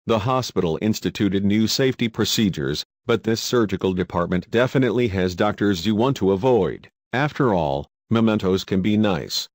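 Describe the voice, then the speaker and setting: A man with a fairly low voice reads a countdown list as scripted voice-over. His delivery is dry and wry. The sound is close and dead, with no room around it. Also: no room sound. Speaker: list narrator.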